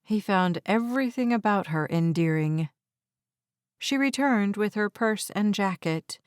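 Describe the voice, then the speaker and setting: A woman narrating an audiobook in a measured, even storytelling voice on a close mic. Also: medium pitch, clear, resonant tone, no echo.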